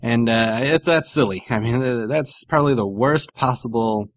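A man's voice: mid-range voice, normal speed, no echo. A man rambling through a comedy podcast, swearing and joking with loose filler words. His voice sits in the middle range and is recorded close and dry, with no room sound. He keeps the talk loose and irreverent. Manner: rambling, profane, jokey, many fillers. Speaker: podcast co-host. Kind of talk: casual comedic chat.

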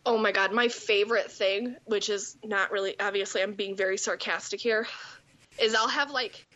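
A woman's voice: medium pitch, steady tone, moderate pace, pushed and bright, highs cut off. A woman in her twenties chatting casually, telling stories with sarcasm and plenty of swearing. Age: 20s. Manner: profane, sarcastic storytelling. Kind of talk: casual chat.

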